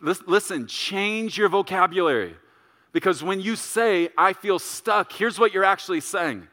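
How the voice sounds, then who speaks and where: Bright animated man preaching a sermon. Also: normal speed, big-room sound. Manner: storytelling, acts out voices with big swings in pitch and volume. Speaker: pastor.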